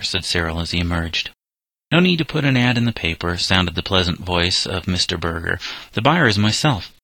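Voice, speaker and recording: A man narrating a children's novel aloud in a steady storytelling manner, giving the boys light character voices. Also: low-pitched, vocal fry, dry recording. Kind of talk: audiobook reading of a children's novel.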